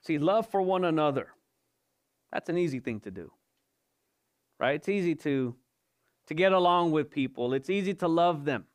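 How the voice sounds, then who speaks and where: A man's voice: fairly high pitch, expressive, normal speed, pauses often, smooth. A male pastor giving an evening sermon, asking rhetorical questions and repeating his points for emphasis. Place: church service.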